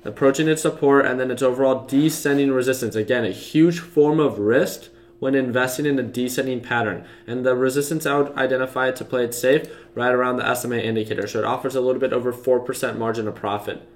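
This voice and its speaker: A man's voice: medium pitch, steady tone, fast, few pauses. A young man hosting a casual trading livestream, talking loosely with lots of fillers and restarts as he walks through charts. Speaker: stock trading livestream host. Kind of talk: casual market commentary to live viewers.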